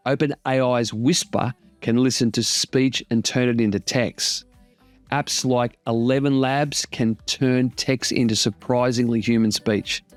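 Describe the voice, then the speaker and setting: A man's voice: medium pitch, fairly even intonation, measured pace, no echo, faint music behind. A man hosting a casual tech explainer, plain-spoken and lightly joking as he walks through tools. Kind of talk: casual tutorial narration.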